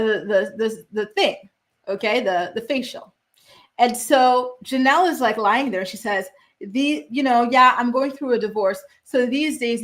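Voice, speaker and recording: A young woman hosting a pop culture gossip show, chatting casually and reading viewer comments with sassy, animated reactions. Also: fairly high pitch. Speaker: host.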